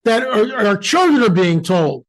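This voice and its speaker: An emphatic American man talks in an animated preaching way and often acts out the voices of people he quotes. His voice sits high for a man. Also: a little slow, rough recording. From United States. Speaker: guest speaker.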